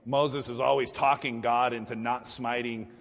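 A male pastor preaching a sermon, retelling a story in a conversational, animated way with frequent restarts. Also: mid-range voice, normal speed, gravelly, big-room sound. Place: church sanctuary.

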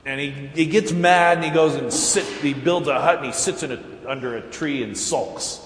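A man's voice: a little high, expressive, moderate pace. A male pastor preaching a sermon as a folksy, chuckling storyteller. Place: large church sanctuary. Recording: echoey church hall with faint room noise.

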